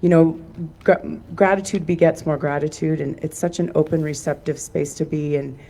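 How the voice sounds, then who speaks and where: A woman's voice: low-pitched, steady tone, moderate pace. A woman speaking emotionally and chattily to the congregation before leading a song. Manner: emotional, warm, chatty with fillers. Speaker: singer and song leader. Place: outdoors. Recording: clear instrumental music behind.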